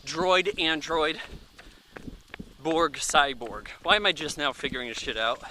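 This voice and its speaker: Very bright-voiced, chatty man reviewing a movie. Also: on the high side, a little slow, slight background noise. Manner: offhand and chatty, thinking aloud with many fillers. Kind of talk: casual rambling movie review.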